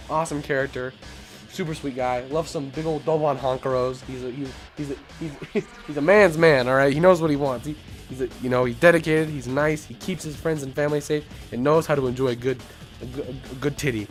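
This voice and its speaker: A young man hosting a casual video, rambling and laughing as he talks, often repeating himself. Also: a little high. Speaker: YouTube host. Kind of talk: casual ranking commentary.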